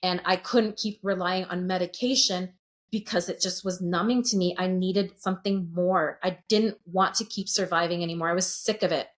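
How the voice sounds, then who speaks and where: A woman's voice: on the low side, steady tone, moderate pace. A woman in her late thirties, a sound healer speaking as a podcast guest, telling her story openly and earnestly and swearing freely. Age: late 30s. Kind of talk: candid podcast conversation.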